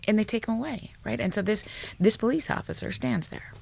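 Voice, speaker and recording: A woman, a psychologist guest on a podcast, telling stories in an animated, blunt way, swearing freely and dropping to a hushed tone at tender moments. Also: mid-range voice, a little fast, vocal fry, husky. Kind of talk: storytelling in a podcast interview.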